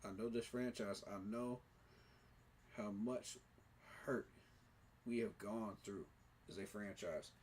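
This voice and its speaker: A man's voice: fairly low pitch, steady tone, slow pace, pauses often, darkish tone, a little hiss or hum. A man giving an emotional, preacher-like fan monologue, repeating his phrases for emphasis. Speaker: sports fan commentator.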